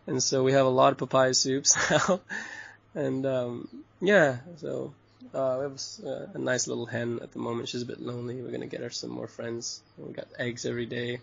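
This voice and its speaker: Relaxed gravelly man, dull lo-fi sound. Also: mid-range voice, normal speed. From Bali. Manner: relaxed, chuckles often, loose and rambling with many fillers. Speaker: hostel owner and interview guest. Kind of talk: casual chat interview. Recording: dull lo-fi recording.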